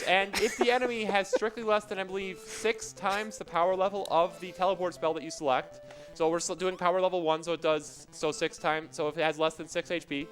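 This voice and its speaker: A man's voice: sits high, fairly bright tone, rough recording. A man commentating live on his speedrun of a game, explaining its mechanics in a joking, rambling way. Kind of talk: live commentary while playing.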